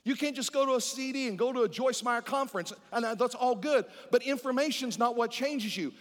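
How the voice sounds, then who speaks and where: High-pitched guy preaching to his church, throws questions at the crowd, big echoey hall. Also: a little fast. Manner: preaching with call-and-response to the congregation; swings between loud emphatic lines and low, hushed ones. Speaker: pastor. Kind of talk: sermon. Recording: long reverb of a large hall.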